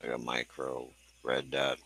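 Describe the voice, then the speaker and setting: Very deep gravelly joking man. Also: monotone, unhurried, bright, forceful tone, poor audio. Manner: joking, laid-back. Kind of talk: casual chat.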